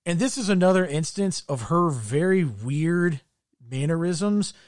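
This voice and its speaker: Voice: medium pitch, lively intonation, measured pace, a little mellow, no echo, studio quality. A co-host recapping a show in casual chat, rambling and swearing freely. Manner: rambling, profane storytelling with frequent "like" and restarts. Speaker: podcast co-host.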